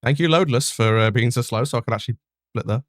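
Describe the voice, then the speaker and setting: A man's voice: mid-range voice, fast, no echo, clean studio sound. A young man streaming a video game, chatting casually, self-mocking and full of fillers. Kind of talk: casual chat over gameplay.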